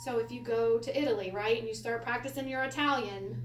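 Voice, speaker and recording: A woman teaching a Hebrew lesson to a class, animated and quick to laugh as she acts out quotes. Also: on the high side. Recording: echoey room from a distance, faint hiss.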